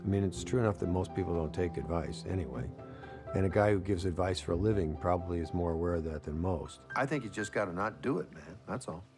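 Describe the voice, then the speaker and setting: An actor playing a testy male badger lawyer in animated film dialogue, blunt and quarrelsome. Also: deep voice, fast, music in the background, close to an everyday voice.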